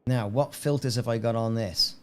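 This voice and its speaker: A man's voice: medium pitch, normal speed, a little hiss or hum. A man casually chatting on a game live stream, rambling and answering viewers by name. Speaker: gaming streamer.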